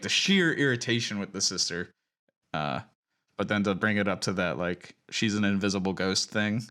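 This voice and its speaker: A man with a lowish voice hosts a casual podcast. His tone is bright and forceful. He keeps the discussion moving in an earnest way. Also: clear, resonant tone. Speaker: podcast host. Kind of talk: casual chat.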